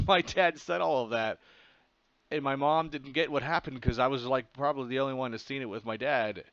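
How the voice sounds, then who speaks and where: An adult man from Pennsylvania, a comic artist vlogger, casually rambles through a childhood story, filling it with fillers and laughing at himself. His medium-pitched voice is fairly bright and a little fast, and the dry recording is slightly dull and muffled.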